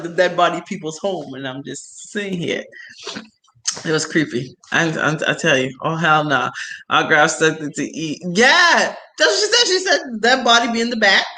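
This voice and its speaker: Bright-voiced woman telling a lively story. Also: medium pitch. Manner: animated, laughing often, talks in slang. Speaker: host. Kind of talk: casual storytelling chat.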